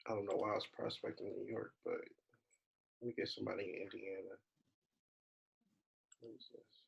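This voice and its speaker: A male travel agent leads a casual online training, sharing his screen and thinking out loud as he clicks from page to page. His voice is lowish, creaky and flat, at a normal pace, and the recording is muffled.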